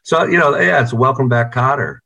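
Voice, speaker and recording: Laid-back, swearing American band member. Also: male voice, mid-range voice, a little fast, vocal fry, pushed and bright, rough recording. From United States. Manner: laid-back, swears freely, tells stories animatedly. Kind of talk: casual video-call interview. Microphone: video call.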